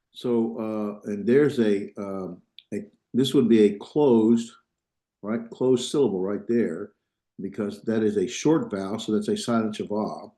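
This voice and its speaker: A Biblical Hebrew instructor lectures a classroom on grammar in a mellow, warm, lowish voice. He goes step by step, thinking aloud and pausing to make sure students are following. The room is echoey, so his voice rings slightly off the walls.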